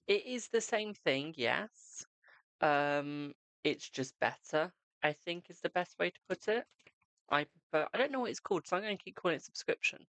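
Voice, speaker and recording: A man's voice: a little high, fairly bright tone, no echo. A man streaming live, reading tarot cards and chatting with viewers, calling them "my darling". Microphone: desk microphone.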